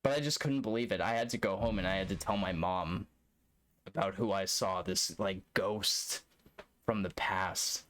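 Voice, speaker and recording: A man's voice: low voice, moderate pace, a bit bright. A young man streaming a speedrun, telling a long story in a rambling, profane, laid-back way. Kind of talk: casual storytelling while gaming live.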